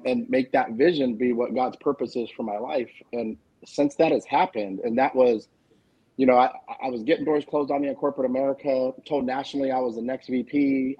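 A man's voice: mid-range voice, husky, dull audio. A man speaking as a guest on a video call, telling a heartfelt personal story. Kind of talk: casual chat.

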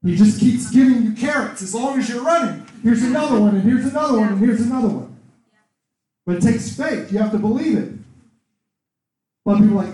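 A man preaching a sermon and telling his own testimony in an animated storytelling manner. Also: extremely high pitch, a little fast, pauses often. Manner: animated storytelling, acts out voices in quotes. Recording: very echoey room, voice far from mic.

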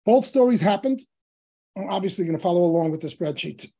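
A man, a rabbi teaching a Talmud class, telling stories in an animated way and acting out the dialogue of the sages. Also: high-pitched, fast talker. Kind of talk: Torah class storytelling.

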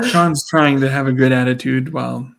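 Male podcast co-host, gravelly, relaxed chat, quotes bits of scenes. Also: medium pitch, moderate pace. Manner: laughs often, acts out quotes of characters. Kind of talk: casual chat.

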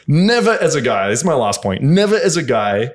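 A man's voice: medium pitch, sing-song, brisk. Guy cohost, blunt and sweary, explaining stuff straight up, normal mid voice. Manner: blunt, instructive, swears often. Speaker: podcast co-host giving sex advice. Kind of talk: casual podcast chat.

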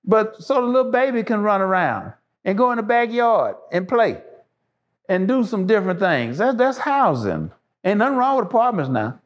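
A man's voice: sits high, very animated, normal speed, highs cut off. A man, a show guest, talking passionately and emphatically, repeating phrases to drive his points home. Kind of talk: impassioned casual talk.

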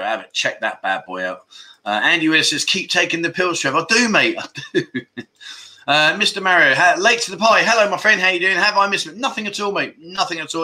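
A man's voice: fairly high pitch, bright, forceful tone. A man hosting a casual livestream chat show, reading out viewer comments with lots of laughter and mock-grumbling banter.

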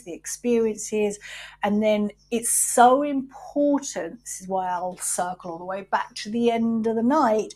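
Swearing freely, a middle-aged podcast host reflects in an unhurried way on her wellbeing routines, speaking candidly. Her voice has a medium pitch and a darkish tone.

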